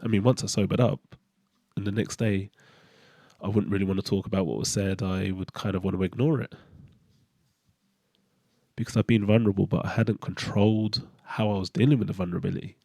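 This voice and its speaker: A man's voice: on the low side, steady tone, brisk, gravelly, long pauses, mellow, no room sound, studio quality. A middle-aged man speaking a candid, hesitant personal monologue as a podcast host, with fillers and restarts.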